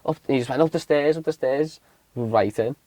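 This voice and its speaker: A man's voice: mid-range voice, moderate pace, no echo. Swearing man telling a story. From Southport, Liverpool area. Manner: animated storyteller, swears a lot, acts out others' voices. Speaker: podcast co-host. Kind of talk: casual chat, anecdote.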